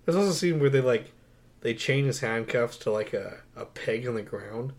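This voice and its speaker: Young man, animated and incredulous. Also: mid-range voice, normal speed. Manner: animated, incredulous, laughing storyteller. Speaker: podcast co-host. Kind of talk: casual movie review chat.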